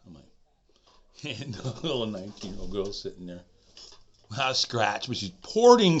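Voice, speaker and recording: Brief: man in his sixties, animated storyteller, wide pitch swings, dull lo-fi recording. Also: normal speed, breathy edge. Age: 60s. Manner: animated, swings from shouting to whispering. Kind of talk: personal story monologue. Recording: dull lo-fi recording with faint noise.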